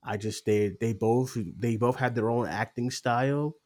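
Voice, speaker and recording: A young man co-hosting a casual podcast chat, excited, swearing often and acting out quotes. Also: mid-range voice, moderate pace. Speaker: podcast co-host.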